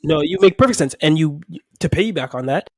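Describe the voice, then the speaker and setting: A man's voice: a little high, expressive, quick pace, no echo. A man co-hosting a comic book podcast, talking in a laid-back, joking casual chat. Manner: laid-back, joking, runs the rating segment. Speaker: podcast co-host.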